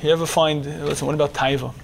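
A middle-aged man giving a religious lecture to men, animated, dropping to a hush and then shouting as he acts out inner voices. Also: a little high, fast, vocal fry, slight background noise. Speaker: religious teacher. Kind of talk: lecture to a men's audience.

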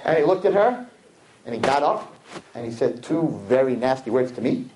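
A man, a rabbi telling a story to a live audience in an animated sermon, acting out the people in it. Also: moderate pace, echoey room, noisy background. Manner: animated storyteller acting out quotes, swinging loud and high. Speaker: rabbi giving a talk to young people.

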